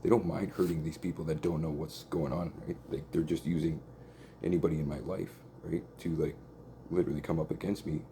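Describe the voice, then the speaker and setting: Deep gravelly man ranting, profane and agitated. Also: steady tone, a little fast, mellow, slight background noise. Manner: agitated, profane, repeats "like" and "right?". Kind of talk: rambling angry monologue.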